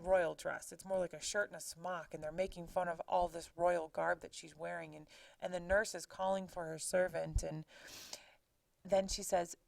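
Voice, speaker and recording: A woman's voice: fairly low pitch, little pitch movement, moderate pace, creaky, recorded from a distance, low-quality recording. A woman teacher casually retelling a play scene, chatty with exclaimed asides to her students. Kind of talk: casual lesson summarizing a play.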